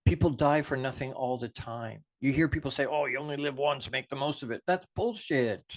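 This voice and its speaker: A man's voice: medium pitch, brisk. Passionate man giving a motivational talk. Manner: passionate, preachy, swings from soft to emphatic. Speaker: motivational show host.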